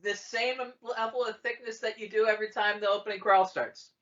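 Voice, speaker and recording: A man's voice: high voice, fairly even intonation, fairly quick, a bit bright, muffled recording. A man co-hosting a podcast in casual banter, teasing and goading his friends. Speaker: podcast co-host.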